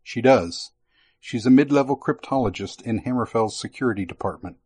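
A man voicing a gruff, businesslike male spy chief handing out assignments in an audiobook. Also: medium pitch, animated, brisk, darkish tone. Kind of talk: audiobook character voice.

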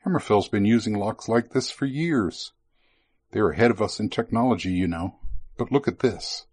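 An excitable lizardfolk inventor talks through his gadgets in a fussy, lifted voice with a husky edge, as a man reading an audiobook puts him on. He sounds pleased with himself and a little over-eager. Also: on the low side, normal speed, no echo. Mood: explaining. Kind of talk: audiobook character voice.

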